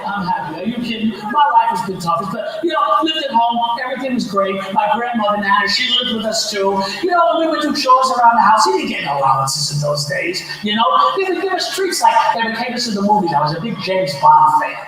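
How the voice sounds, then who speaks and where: Brash older New comedian. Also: male voice, high voice, big pitch swings, fast talker, few pauses. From Queens, New York. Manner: brash, punchy, often shouting. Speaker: stand-up comedian. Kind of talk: live stand-up comedy. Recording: echoey, distant, noisy live room.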